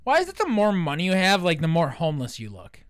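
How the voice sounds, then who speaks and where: A man's voice: a little high, fast, no room sound. A young man co-hosting a sports podcast, swearing and joking in loose casual chat. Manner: profane, jokey, animated. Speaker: podcast co-host.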